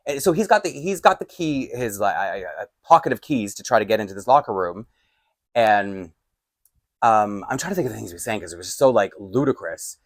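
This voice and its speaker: A man telling a storytime vlog, acting out both sides of a heated argument and getting loud. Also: on the low side, animated, brisk, no echo, studio quality. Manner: lots of fillers and restarts, laughs between lines. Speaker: doll collector vlogger. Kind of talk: storytime vlog, animated retelling. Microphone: desk microphone.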